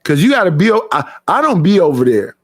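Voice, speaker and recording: A middle-aged man hosting a livestream in a casual chat, telling animated stories. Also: high-pitched, fast, husky. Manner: animated storytelling with acted quotes. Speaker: livestream host.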